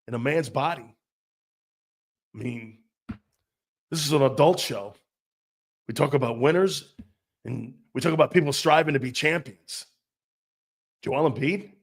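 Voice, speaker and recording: A man's voice: mid-range voice, a little slow, pauses often. A man hosting a sports talk show, ranting in a blunt, profane, mocking way and laughing often. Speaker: host.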